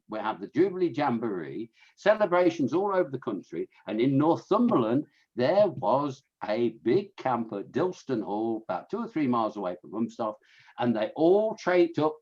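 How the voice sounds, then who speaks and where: On a lo-fi recording, a medium-pitched man with a Fenland accent lectures an audience on scouting history using illustrations. His chatty delivery includes restarts and asides to the room.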